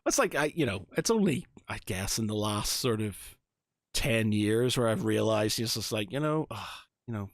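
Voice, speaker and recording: A man's voice: lowish voice, moderate pace, no echo. Rambling Northern Irish man, dry close sound. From Northern Ireland. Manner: rambling storyteller, lots of fillers and animated asides. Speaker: podcast co-host. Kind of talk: casual chat.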